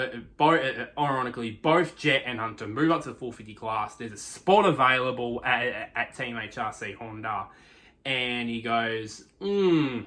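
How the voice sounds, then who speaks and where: Guy rambling through a supercross-style race recap, keeps restarting sentences, lots of uh and um, bright sharp voice. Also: medium pitch. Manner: rambling, constant restarts and fillers. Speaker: motorsport video reviewer. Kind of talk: casual race review monologue.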